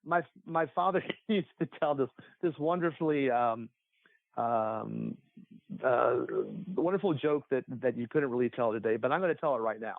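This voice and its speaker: A man talks casually on a podcast, wandering through his points with many fillers and restarts. His voice sits in a middle pitch. The sound is thin and phone-like and dry. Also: animated, moderate pace, no echo, faint music behind. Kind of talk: casual chat. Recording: tinny phone-like line.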